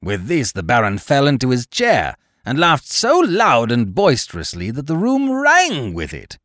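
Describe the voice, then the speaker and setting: A man narrating a classic tale as an audiobook, expressive and measured. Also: medium pitch, no room sound, clean studio sound.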